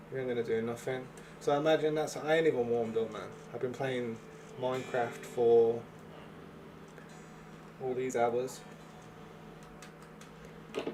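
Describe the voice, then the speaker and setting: A man's voice: medium pitch, fairly even intonation, a little slow, pauses often, background noise. A man streaming from home, chatting casually into a desk mic in a rambling, slangy way. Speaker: gaming streamer. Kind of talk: casual live-stream chat. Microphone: desk microphone.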